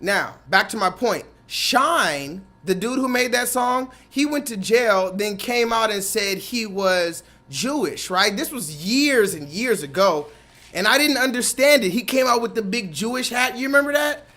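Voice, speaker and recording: A man with a high voice hosts his own show, ranting in a heated, profane way. He talks emphatically and stresses his points over and over. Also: animated, unhurried, pushed and bright. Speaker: host. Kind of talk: ranting commentary.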